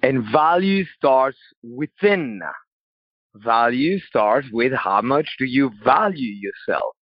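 Measured man lecturing on self-worth. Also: medium pitch, expressive, no room sound, highs cut off. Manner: measured, explaining with analogies. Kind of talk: motivational lecture.

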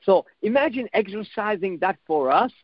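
A man's voice: sits high, expressive, normal speed, no echo, dull audio. A man giving a motivational self-help talk in a reflective coaching manner, repeating phrases and swearing now and then.

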